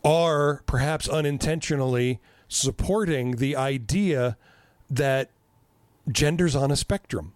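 A man in his fifties chatting casually on a podcast, telling stories in a profane, animated way and laughing at himself. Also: medium pitch, slow pace, no room sound. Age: 50s. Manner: profane, animated storytelling with self-mocking laughs. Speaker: podcast host.

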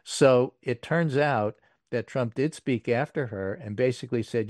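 A man's voice: medium pitch, unhurried, darkish tone, no room sound. Dry, wry man reading the numbers. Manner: wry, dry asides with fillers. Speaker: political podcast host. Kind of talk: casual political commentary, reading poll numbers.

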